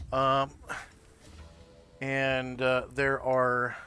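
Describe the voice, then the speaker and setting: A man narrating a tabletop game as game master, describing scenes in an unhurried, loosely improvised way. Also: mid-range voice, bright, forceful tone.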